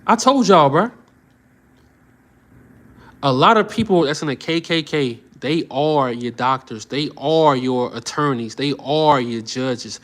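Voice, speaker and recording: A man's voice: on the high side, takes it slowly, fairly bright tone. A man commenting on the news on a live stream, heated and preachy, who often repeats short phrases for emphasis.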